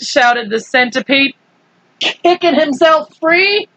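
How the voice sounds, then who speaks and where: Lively woman reading a storybook aloud. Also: sits high, takes it slowly, no echo, lo-fi sound. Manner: animated, playful, laughs often, acts out shouts. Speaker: storybook reader. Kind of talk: reading a children's book aloud with asides.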